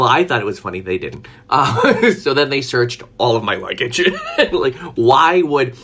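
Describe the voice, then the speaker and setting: A man telling a rambling story to his live-stream viewers. He talks casually, with plenty of fillers and restarts, and often breaks into laughter. His voice bounces up and down with lively melody at a middle pitch. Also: a little hiss or hum. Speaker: vlogger.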